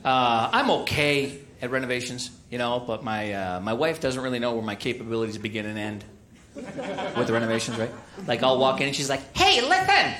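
A man's voice: medium pitch, brisk, fairly bright tone, echoey room. A man doing stand-up storytelling in a chatty, self-deprecating way, full of "uh" and "right?", on a comedy club stage.

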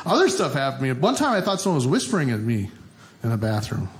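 A man from Minnesota doing a lively stand-up comedy set on stage, telling stories with quick asides and laughing along with the crowd. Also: mid-range voice. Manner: animated storytelling with frequent laughs and quick asides. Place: stage in front of a laughing audience.

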